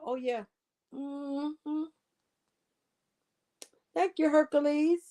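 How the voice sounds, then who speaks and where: High-voiced woman gossiping on a livestream. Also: measured pace, long pauses. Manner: animated, laughs often, drawling asides to viewers. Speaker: livestream host. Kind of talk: casual gossip commentary livestream.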